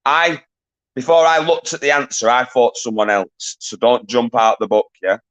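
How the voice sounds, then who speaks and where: A medium-pitched man hosts a live-stream quiz, bantering with chat and giving quick shout-outs. He swears casually and laughs often.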